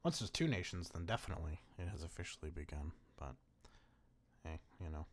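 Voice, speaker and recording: A man's voice: sits low, expressive, brisk. A young man giving casual strategy-game commentary, laughing often and swearing freely. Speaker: gaming commentator.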